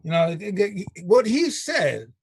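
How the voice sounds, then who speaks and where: A man hosting a casual radio talk show, emphatic and animated, often laughing. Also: sits high, moderate pace, creaky, breathy edge, dry recording, clean studio sound.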